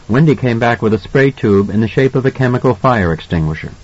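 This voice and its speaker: A man narrating an audiobook in an expressive storytelling manner. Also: medium pitch, fairly quick, few pauses, dull audio. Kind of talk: scripted narration.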